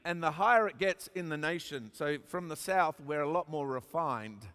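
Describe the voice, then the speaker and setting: High-voiced Australian preacher, echoing hall. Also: male voice, expressive, normal speed. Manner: emphatic, joking, rises to shouts. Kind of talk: sermon. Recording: long reverb of a large hall.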